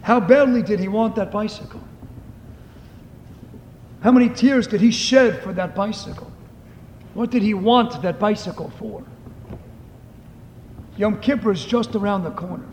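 A man giving an impassioned sermon full of stories that rises to shouts. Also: high-pitched, unhurried, pauses often, a little hiss or hum. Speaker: preacher. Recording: echoey hall, faint ambience.

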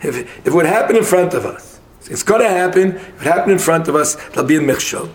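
Man arguing a Talmud passage, mid-high voice. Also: expressive, a little hiss or hum. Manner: argumentative, quick, mixing English with Hebrew and Aramaic terms. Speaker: Talmud study partner. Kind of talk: casual Talmud study session.

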